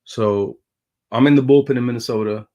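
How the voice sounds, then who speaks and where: A man from Brooklyn, New York, a former baseball pitcher, is a guest telling stories in a casual interview. He's an animated storyteller who acts out the voices he quotes, speaking a little fast at medium pitch, with lo-fi sound.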